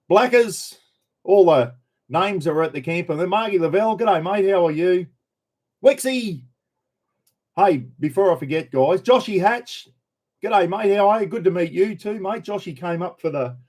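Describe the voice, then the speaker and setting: A man's voice: fairly high pitch, darkish tone. A middle-aged Australian man hosting a casual live stream, chatting loosely, greeting viewers by name and swearing freely.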